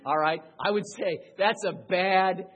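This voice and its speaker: A man preaching a sermon as pastor, swinging between loud raised peaks and quiet low passages, with a husky voice. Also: unhurried, highs cut off.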